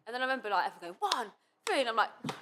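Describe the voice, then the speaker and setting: A woman's voice: a little high, very animated, very fast, background noise. A young woman guest on a casual podcast, chatty and full of fillers, quoting herself as she recalls things. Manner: chatty, lots of fillers and self-quotes. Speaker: guest cheerleader.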